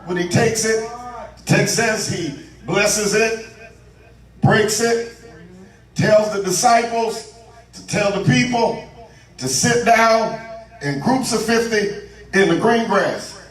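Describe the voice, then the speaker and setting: High-voiced preaching bishop in an echoey church. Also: male voice, fairly bright tone, recorded from a distance. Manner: chanting, drawn-out preaching cadence with asides to the congregation. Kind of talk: call-and-response sermon. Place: large church sanctuary. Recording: echoey church sound from afar with organ.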